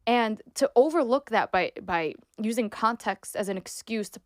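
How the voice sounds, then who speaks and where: A young woman, a guest on a talk podcast, speaking emphatically and indignantly in quick bursts. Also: a little high, lively intonation, no room sound, clean studio sound. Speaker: guest, sports reporter and influencer. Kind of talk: opinionated podcast conversation.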